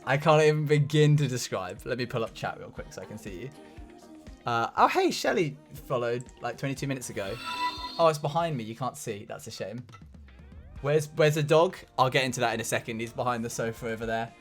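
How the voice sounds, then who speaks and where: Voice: mid-range voice, lively intonation, a little fast, faint music behind. A livestreamer chatting casually from home, laughing often and greeting viewers one by one. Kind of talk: casual live-stream chat. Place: home room.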